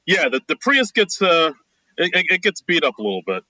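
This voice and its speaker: Bright dry-sounding man recapping a film. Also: a little high, a little fast, no room sound, rough recording. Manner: relaxed, loose recaps with filler words. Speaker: podcast co-host. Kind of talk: casual movie discussion.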